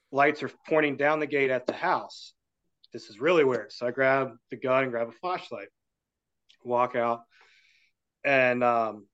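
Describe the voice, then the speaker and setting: Man, podcast guest, casual storytelling, acts out voices, middle pitch, slightly muffled sound. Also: a bit bright.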